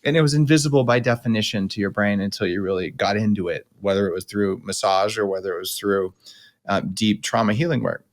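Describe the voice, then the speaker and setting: A man's voice: lowish voice, fairly even intonation, brisk. A man hosting a podcast, explaining things bluntly and emphatically in a casual coaching conversation.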